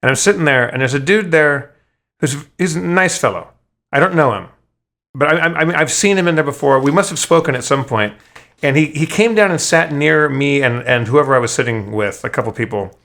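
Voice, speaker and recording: A man's voice: on the high side, lively intonation, brisk, a bit bright. Profane, rambling male podcast host. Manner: rambling, stammering restarts, profane. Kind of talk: casual storytelling chat.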